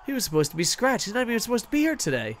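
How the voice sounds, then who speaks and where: A man giving casual, excitable commentary on a hockey video game stream, swearing often and poking fun at himself. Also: very high voice, rapid-fire. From United States. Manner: excitable, profane, self-mocking.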